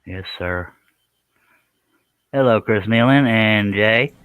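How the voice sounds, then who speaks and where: A man's voice: on the low side, takes it slowly, fairly bright tone, clean tone, dry recording, low-quality recording. A middle-aged man hosting a live stream, chatting casually, joking about himself and greeting viewers by name.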